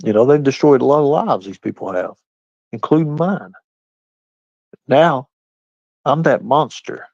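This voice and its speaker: A man's voice: mid-range voice, lively intonation, a little slow, creaky, pauses often, darkish tone, dry recording. A man ranting on a casual livestream, combative and confrontational as he answers his chat, over dull lo-fi audio. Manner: combative, confrontational, talks straight back to chat. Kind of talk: casual live-stream rant. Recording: dull, lo-fi dry stream audio.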